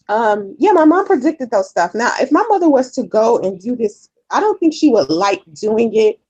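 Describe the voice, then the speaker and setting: A woman vlogger answers viewer comments in candid, casual chat, rambling with lots of fillers and repetition and swearing often. Her voice is a little high, warm, and slightly rough, and the recording quality is rough.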